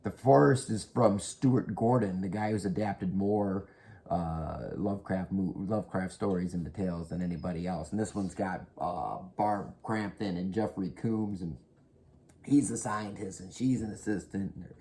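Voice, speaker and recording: A man's voice: deep voice, normal speed, warm tone. A man casually rambling through horror movie recommendations, profane and half-whispered, talking close to the mic at home. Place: indoors at home.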